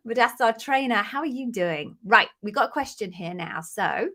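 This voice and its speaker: A woman's voice: on the high side, animated, moderate pace, few pauses, a bit bright. Effusive British woman hosting a live Q&A. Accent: British English. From Britain. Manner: chatty and effusive, greets viewers by name. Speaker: host, interview coach. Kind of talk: live-stream Q&A.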